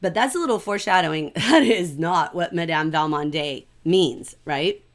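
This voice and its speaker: Woman, middle-aged, teacher, livestream literature lesson, animated, conversational. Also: fairly low pitch, moderate pace. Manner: animated and conversational, keeps asking "right?".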